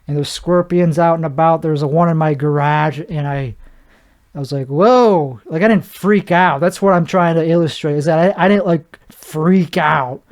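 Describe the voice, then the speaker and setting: A man's voice: on the high side, steady tone, normal speed. A man hosting a solo podcast, rambling from one thought to the next in a joking, self-deprecating way. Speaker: podcast host.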